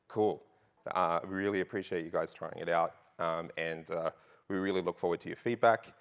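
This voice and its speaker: Deep-voiced Australian man on stage. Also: fairly even intonation, moderate pace, clean tone. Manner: jokey, audience-rousing, frequent fillers. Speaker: conference speaker. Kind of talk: conference keynote talk. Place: large conference hall.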